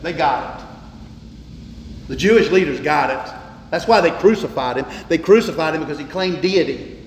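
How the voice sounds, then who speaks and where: High-voiced pastor in an echoey hall. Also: male voice, a little hiss or hum. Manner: emphatic preaching, repeats words, slows for stress. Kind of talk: sermon. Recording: echoey hall, faint ambience.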